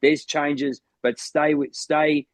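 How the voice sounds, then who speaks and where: A man's voice: fairly high pitch, little pitch movement, slow pace, no room sound. An Australian man co-hosting a podcast as a motivational coach, talking in an enthusiastic, rambling way with lots of restarts. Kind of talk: casual chat.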